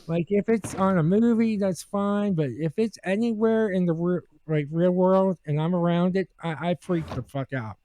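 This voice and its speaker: High-voiced man telling a halting story. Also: no echo. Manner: halting, with many restarts and fillers; animated when acting out quotes. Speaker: regular co-host telling a story. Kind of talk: casual podcast chat.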